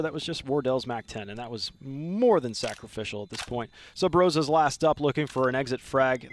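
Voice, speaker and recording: A man with a Southern US accent doing excitable live esports commentary. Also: medium pitch, background noise. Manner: excitable, talks over the action.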